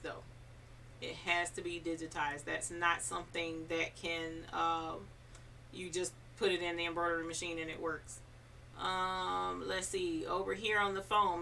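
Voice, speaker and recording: Live-stream host, woman, lowish and bright, reads chat aloud, off-mic. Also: recorded from a distance, a little hiss or hum. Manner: reads viewer comments aloud, chatty and encouraging. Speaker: embroidery channel host.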